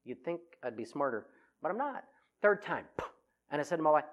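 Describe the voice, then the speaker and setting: A man's voice: on the high side, fast. Middle-aged guy doing a funny talk to a crowd, voice bounces all over, pokes fun at himself. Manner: animated, self-mocking storytelling. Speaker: speaker on personality types. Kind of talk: humorous talk to an audience.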